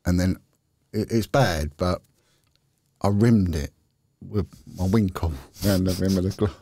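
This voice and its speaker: Unhurried and mellow, the man's voice sits low, with a little hiss or hum in the background. A middle-aged ex-police detective guesting on a podcast, he shares casual anecdotes in a chatty, candid, meandering way, often restarting as he goes.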